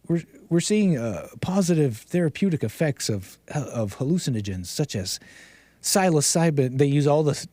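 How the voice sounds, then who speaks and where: A man's voice: on the high side, darkish tone, no room sound. A man hosting a livestream, ranting and joking in casual commentary, laughing often. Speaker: streamer host.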